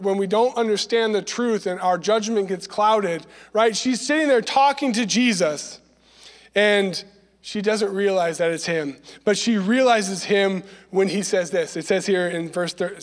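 A man's voice: high voice, long reverb tail. A man leading a Bible study lesson, reading scripture aloud and explaining it in a conversational way, often checking in with "right?".

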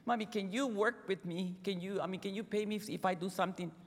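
A woman's voice: medium pitch, steady tone, quick pace, long reverb tail, voice pushed up, close to an everyday voice. A woman voicing an eager little boy of about ten, begging his parents in a story told from the pulpit. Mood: pleading. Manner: begging, insistent.

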